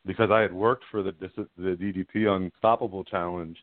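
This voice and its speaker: A middle-aged man calls into a radio interview and tells a personal story in a frank, rambling way. He laughs at himself as he goes. His low voice comes through a tinny, dry phone line. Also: fairly even intonation, fairly quick, no room sound. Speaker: guest caller.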